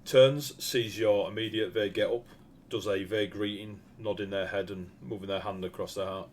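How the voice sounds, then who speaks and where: A man's voice: lowish voice, fairly even intonation, normal speed, a little mellow, slight background noise. A man narrating as game master in a casual, rambling way with laughing asides.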